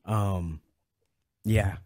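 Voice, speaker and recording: A man's voice: low voice, steady tone, very slow, a little mellow. A man in a casual chat, speaking carefully and hesitantly.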